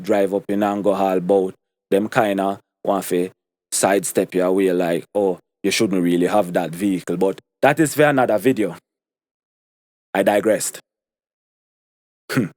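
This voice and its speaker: A young Jamaican man talks straight to camera in an emphatic monologue, hammering each point by saying it twice. His voice sits at an ordinary middle pitch. The sound is dry and close, with no room around it. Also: darkish tone, no echo. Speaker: commentary vlogger.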